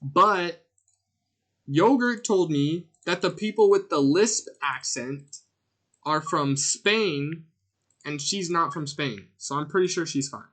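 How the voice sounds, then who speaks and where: A man streaming a game, chatting casually and rambling in a jokey way, with sudden loud outbursts as he answers his chat. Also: fairly high pitch, takes it slowly. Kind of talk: casual gameplay commentary.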